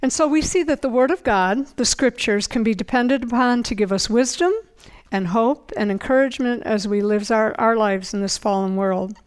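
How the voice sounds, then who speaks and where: An older woman giving an informal Bible teaching, earnest and conversational, slowing down to read scripture aloud. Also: on the high side, clear, resonant tone, rough recording.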